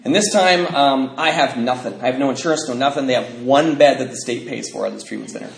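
Man giving personal testimony, animated and laughing, echoey room with faint hiss. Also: medium pitch, fast, creaky. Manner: animated storyteller who laughs as he talks. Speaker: speaker sharing his recovery story.

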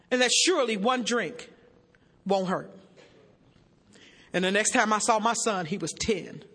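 A woman's voice: mid-range voice, lively intonation, moderate pace, long pauses, sharp tone, breathy edge. Woman sharing a raw recovery story. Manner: raw, emotional storytelling with blunt humor; banters with the audience. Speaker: recovering alcoholic speaker at a meeting. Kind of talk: personal recovery testimony. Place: stage in a meeting hall before an audience. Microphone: stage microphone. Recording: echoey hall with long reverb.

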